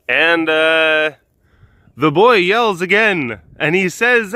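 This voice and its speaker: Man, casual storyteller, lively swooping pitch, dry close sound. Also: takes it slowly, no echo. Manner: rambling, lots of fillers. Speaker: host.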